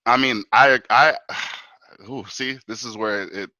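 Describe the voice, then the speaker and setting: Male guest, lively fan talk, bright voice, dry close mic. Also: medium pitch, takes it slowly, dry recording, rough recording. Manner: animated, fan talk full of "bro" and "man". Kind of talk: casual sports talk.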